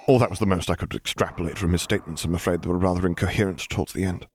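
Man reading a calm male ship captain: measured, deep-voiced, dutiful. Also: slight background noise, natural voice. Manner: measured and even.

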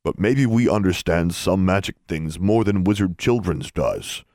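A little house elf, timid and tearful, with a small soft voice and broken grammar, as a male narrator does the part. The low voice stays gentle and dry. The storybook telling keeps it anxious and sorry. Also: expressive, a little slow, no room sound. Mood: sorrowful.

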